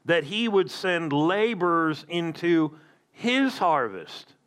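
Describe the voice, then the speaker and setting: A man's voice: on the high side, very animated, takes it slowly, a bit bright, clear, resonant tone. A man preaching a sermon as a pastor, emphatic with conversational asides.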